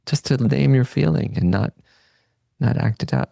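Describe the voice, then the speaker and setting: A man who hosts a podcast and teaches meditation gives a reflective Buddhist teaching talk, calm and unhurried, letting phrases trail off softly. His mid-range voice has vocal fry, and the recording is dry.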